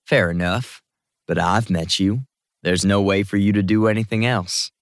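A man's voice: lowish voice, normal speed, no room sound, studio quality, lightly acted. A man reading an audiobook, voicing a teasing, affectionate young man who jokes easily. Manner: joking, relaxed.

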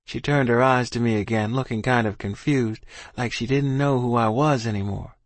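A man narrating a story in first person, in an earnest, steady manner. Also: mid-range voice, normal speed, no room sound. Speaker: audiobook narrator.

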